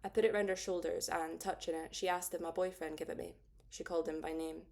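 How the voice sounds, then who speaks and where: A woman narrating a first-person audiobook in a steady, understated way. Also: lowish voice, fast, gravelly.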